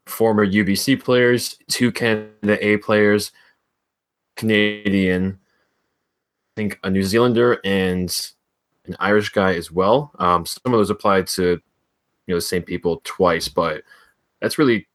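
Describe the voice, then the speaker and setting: A man's voice: on the low side, fairly even intonation, a little slow. A man co-hosting a casual sports podcast, hedging his points with plenty of fillers. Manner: hesitant, hedging, filler-heavy. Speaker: podcast co-host.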